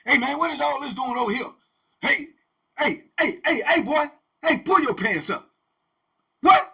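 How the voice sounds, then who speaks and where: A man's voice: very high-pitched, lively intonation, unhurried, pitched above the performer's own voice, exaggerated voice. A man doing a barking, bullying prison warden. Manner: loud, barking, taunting. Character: slick-talking, bullying male prison warden who screams at inmates.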